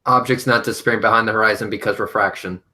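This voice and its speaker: A man's voice: on the low side, steady tone, racing, sharp tone. A man chatting casually in a group, profane and exasperated as he bickers over claims. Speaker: panel participant debunking claims.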